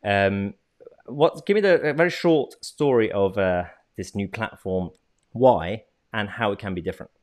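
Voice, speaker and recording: A man's voice: lowish voice, moderate pace. A British man hosting an interview, talking casually with lots of hesitant fillers. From Britain. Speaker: host.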